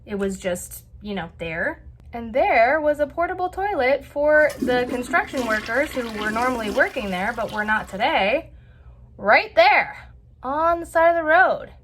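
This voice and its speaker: A woman hosting a vlog, telling a family story in a chatty, animated way with lots of filler words. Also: sits high, measured pace, slight background noise. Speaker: vlog host. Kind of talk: casual storytelling.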